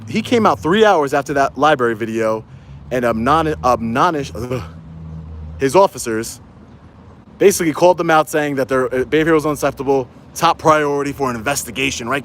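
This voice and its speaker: An indignant man recounts events to his viewers in a casual vlog, talking into a handheld phone outside on a city street. His voice sits in an ordinary middle pitch, and faint traffic and urban ambience hum behind him. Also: fairly bright tone. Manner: indignant, rising to angry rhetorical questions. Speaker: citizen auditor and channel host.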